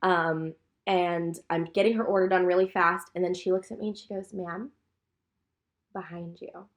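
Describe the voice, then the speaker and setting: A woman's voice: fairly low pitch, fairly quick. Young woman telling a work story. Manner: animated storyteller, swears freely. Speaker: podcast co-host. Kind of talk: casual chat.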